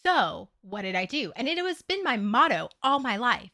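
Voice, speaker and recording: With a slightly high voice and a moderate pace, she chats openly with her livestream audience. She swears without restraint and becomes increasingly animated while telling her tale.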